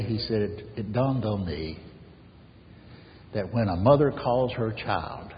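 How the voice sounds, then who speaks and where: Deep-voiced preacher in a reverberant church. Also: male voice, animated, takes it slowly, muffled recording, slight background noise. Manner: earnest preaching, drops to soft near-whispers for emphasis. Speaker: pastor. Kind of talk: sermon.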